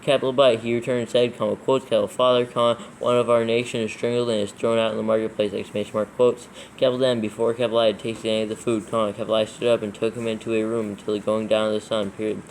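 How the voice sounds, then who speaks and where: A man's voice: on the low side, flat delivery, fast talker, hardly any pauses, slight background noise, poor audio. A man reading scripture aloud for proofreading, steadily spelling out every punctuation mark and capital letter. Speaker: scripture reader in a proofreading session. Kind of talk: dictating text aloud with punctuation.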